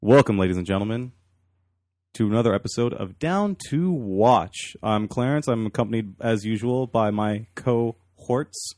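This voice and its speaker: A man with a lowish voice hosts a casual podcast, joking and teasing in easy banter. He is recorded close and dry, with no room sound. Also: normal speed, a little mellow, dry recording. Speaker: podcast host.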